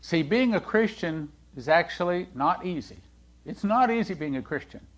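Male preacher, slightly higher pitch, chatty sermon style that quizzes the congregation. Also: normal speed. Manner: animated, swings from loud to hushed, acts out quoted dialogue; conversational, asks the congregation questions.

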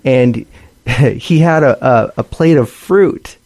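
A man co-hosting a ministry broadcast, talking about healings in an earnest, measured way. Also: mid-range voice, a little mellow, no echo. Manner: earnest and measured, with many fillers. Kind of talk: conversational broadcast testimony sharing.

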